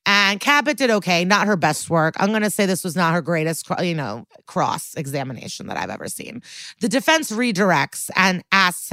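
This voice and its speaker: Blunt, low-voiced woman podcast co-host. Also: normal speed, dry recording. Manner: animated, blunt, swears freely, many likes and ums. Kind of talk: casual recap chat.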